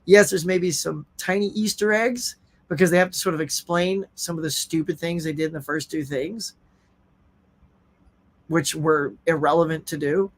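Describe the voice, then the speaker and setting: A man's voice: fairly high pitch, fairly even intonation, normal speed. A middle-aged man hosting a casual live stream, chatting animatedly and reading viewer comments aloud. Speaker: host.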